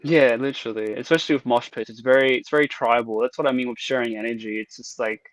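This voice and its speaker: A man's voice: mid-range voice, fairly even intonation, fast, dry recording. A man with an Australian accent talks about music with real enthusiasm. His sentences are full of fillers and restarts. The recording is dry and close, with a mid-range voice. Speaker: musician guest. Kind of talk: casual chat.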